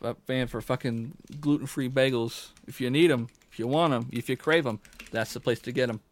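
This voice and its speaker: A man's voice: medium pitch, fairly quick. A man talking bluntly, swearing and repeating himself, as co-host of a casual podcast. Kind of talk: casual chat.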